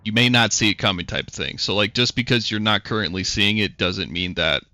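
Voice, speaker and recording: A man's voice: fairly low pitch, lively intonation, a little fast, bright, forceful tone, dry recording. A man narrating as game master in a rambling, casual way, swearing often.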